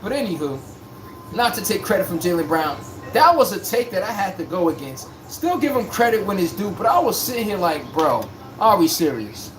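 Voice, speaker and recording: A man's voice: sits high, fairly quick, soft background music. A man hosting a live-streamed basketball talk show, talking bluntly in slang and answering his chat. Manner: blunt, animated, slangy, talks straight to chat. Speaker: sports podcast host.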